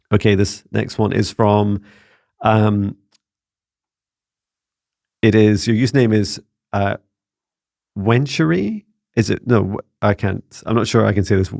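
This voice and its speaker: In a relaxed Q&A, a Scottish man with a fairly low, gravelly voice responds to questions from viewers. His delivery is earnest and halting, and he frequently starts his phrases over. The audio is close, dry and free of echo.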